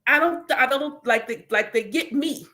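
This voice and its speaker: A woman with a high-sitting, sharp voice talks at normal speed, casually and candidly, about her spiritual practice as a reader and teacher. She's chatty, uses "like" constantly, and voices quotes of her own prayers.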